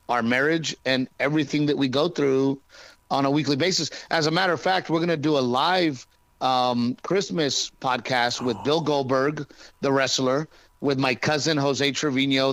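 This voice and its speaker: Male comic guest, quick joking delivery, upper voice, dry studio feel. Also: a little high, a bit bright, dry recording. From Texas. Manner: quick, joking, restarts often. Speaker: stand-up comedian, guest. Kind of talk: casual interview chat.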